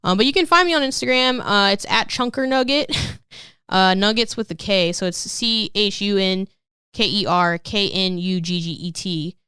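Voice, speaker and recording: A woman's voice: medium pitch, normal speed, sharp tone, smooth, no room sound, studio quality. A woman comedian in her thirties chatting candidly on a podcast, rambling and swearing, with constant "like"s. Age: 30s. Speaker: comedian guest. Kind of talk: casual podcast interview.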